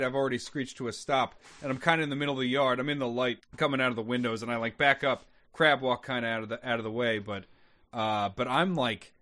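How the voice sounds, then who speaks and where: A man's voice: mid-range voice, bright, forceful tone. A man playing a tabletop game, rambling through his character's actions with lots of likes and you-knows. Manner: rambling, filler-heavy, joking. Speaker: player. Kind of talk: tabletop role-play.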